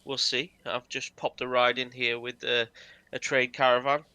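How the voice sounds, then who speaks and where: A man's voice: medium pitch, flat delivery, moderate pace, sharp tone, clean tone, no echo, lo-fi sound, lightly acted. A man voicing a genial, well-dressed male goblin merchant who speaks plainly, with no goblin yipping.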